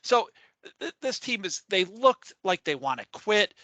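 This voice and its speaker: A man's voice: sits high, big pitch swings, unhurried, bright, forceful tone, no echo. A man co-hosting a casual sports podcast, emphatic and repeating words as he gets worked up. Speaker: podcast co-host.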